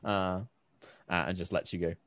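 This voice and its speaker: A man's voice: low-pitched, flat delivery, normal speed, a bit bright, no echo, studio quality. A man narrating a tabletop game as game master, casual and rambling with many fillers.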